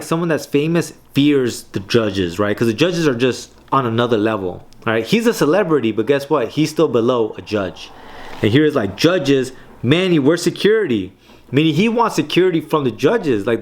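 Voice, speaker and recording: A man walks through comic panels in a loose, conversational way. He leans on slang and swearing and keeps tagging his points with a quick "right?". His voice sits at an ordinary middle pitch. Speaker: comic book reading host. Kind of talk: casual commentary on comic panels.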